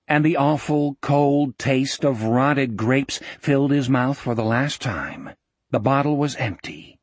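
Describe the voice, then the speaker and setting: A man narrating an audiobook in a measured, vivid storytelling manner. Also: medium pitch, no echo.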